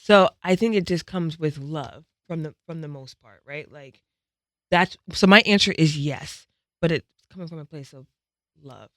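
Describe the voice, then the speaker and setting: A man chatting casually as a podcast co-host, telling animated stories. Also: a little high, moderate pace, dry recording, studio quality. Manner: animated storyteller. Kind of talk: casual chat.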